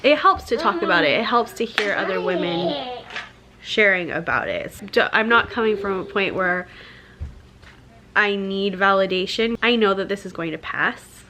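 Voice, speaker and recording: Soft-spoken young mom, halting and emotional. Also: female voice, medium pitch, animated, slight background noise. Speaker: stay-at-home mom vlogger. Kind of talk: candid vlog chat. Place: home. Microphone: camera mic.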